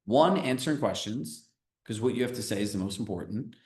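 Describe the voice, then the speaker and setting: A man coaching a group live on a video call, talking in a casual, energetic way and often checking in with "right?". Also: lowish voice, fairly quick, reverberant. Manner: energetic, conversational, filler-heavy with frequent "right?". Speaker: real estate business coach.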